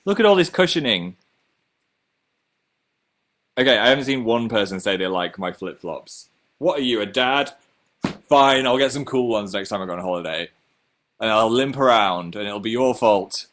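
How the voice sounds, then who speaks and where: A man's voice: fairly low pitch, moderate pace, a bit bright. A young man with a Northern English accent, casually chatting on his own livestream and reading out viewer comments in a chatty, self-mocking way. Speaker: livestream host.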